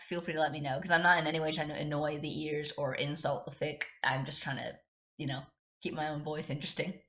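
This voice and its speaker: A woman's voice: low voice, sharp tone. A woman hosting a podcast, reading fan fiction aloud casually, with chatty asides and little giggles. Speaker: podcast host.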